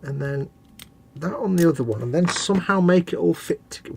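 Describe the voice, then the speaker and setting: A man's voice: fairly high pitch, animated, a little fast, creaky, darkish tone, breathy edge. A man co-hosting a live hobby stream, chatting casually and joking while he puts together a model kit. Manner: jokey, rambling, mocking banter. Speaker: co-host of a model-building stream.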